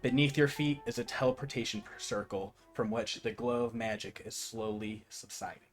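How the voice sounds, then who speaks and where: A man's voice: on the low side, normal speed, faint music behind. A man running a tabletop game as game master, narrating scenes and swearing casually.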